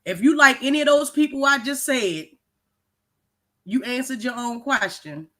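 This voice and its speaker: Emphatic bright-voiced livestream co-host. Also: high-pitched, moderate pace. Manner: emphatic, repeats words, profane. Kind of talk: livestream commentary.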